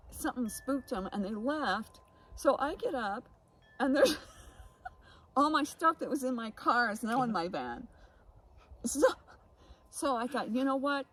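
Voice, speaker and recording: A woman's voice: fairly high pitch, slightly rough, poor audio. A woman telling a long personal story in casual chat, rambling with many restarts and laughs, recorded on a phone. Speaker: podcast co-host.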